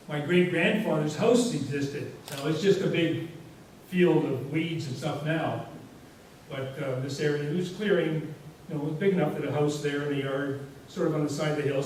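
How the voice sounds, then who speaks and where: A man's voice: a little high, a little mellow. Rambling man speaking in an echoey hall. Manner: rambling, anecdotal, frequent "you know" fillers. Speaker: guest speaker. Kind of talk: casual storytelling presentation. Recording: echoey hall from far off, faint hiss.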